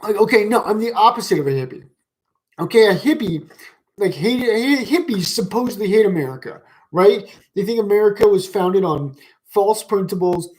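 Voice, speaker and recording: A man's voice: high-pitched, animated, normal speed, darkish tone, low-quality recording. Swearing, rambling man ranting. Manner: rambling, swears constantly, lots of fillers and restarts; heated and mocking. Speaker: commentary vlogger. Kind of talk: profane rant reacting to comments.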